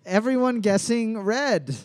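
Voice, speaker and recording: A man with a high, smooth voice and lively intonation hosts a bar trivia night at a measured pace. He reads out the questions and slips crude jokes in between them.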